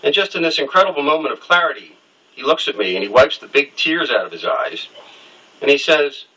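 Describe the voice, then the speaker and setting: A man's voice: a little high, lively intonation, fairly quick, bright, forceful tone, breathy edge, far from the mic, rough recording. A middle-aged man telling a personal story in an interview, candid and wry, acting out the people he quotes.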